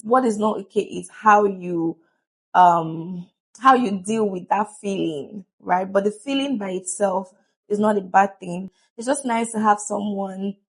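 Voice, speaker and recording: Female vlogger, mid-pitched, a bit of fry, earnest motivational chat. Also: a little mellow. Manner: chatty and earnest, laughs often. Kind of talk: casual motivational talk to camera.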